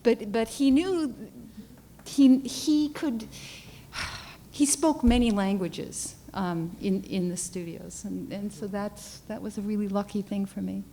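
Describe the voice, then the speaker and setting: A woman painter tells a story at a panel talk, her voice mellow and soft-edged. She talks haltingly and earnestly, often restarting and repeating words. A light hiss sits under the lecture-hall recording. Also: medium pitch. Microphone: handheld or podium mic, often off it.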